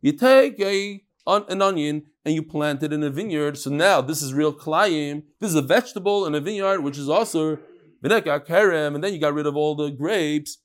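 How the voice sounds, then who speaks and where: A man teaching a Talmud class, reading Aramaic lines and explaining them in English in a lively, questioning way. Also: fairly high pitch, normal speed.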